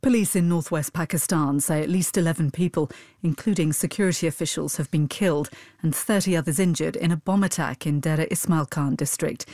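A woman newsreader reading a formal news bulletin in a measured, even delivery. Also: low-pitched, no room sound, clean studio sound. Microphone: studio microphone.

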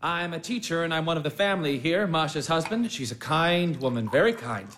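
An actor playing a chatty, fussy schoolteacher husband in a stage drama. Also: male voice, a little high, animated, brisk, fairly bright tone, a little hiss or hum. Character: cheerful male schoolteacher, fussy and doting.

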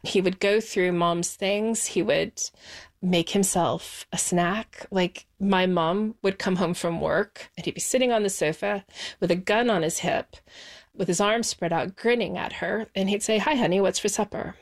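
A woman from the United States, an interview guest recounting her childhood in a measured, reflective way that slows on key words. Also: medium pitch. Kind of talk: personal recollection in an interview.

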